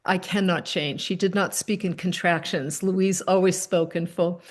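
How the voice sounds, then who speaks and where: A middle-aged woman hosts a relaxed chat over a video call. She tells a long story with animated quick asides and soft fillers along the way. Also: lowish voice. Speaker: host.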